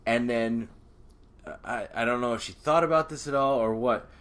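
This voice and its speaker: A man's voice: mid-range voice, normal speed, a bit bright. A young man co-hosting a podcast, telling a party story in casual chat, acting out quotes and laughing often. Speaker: podcast co-host.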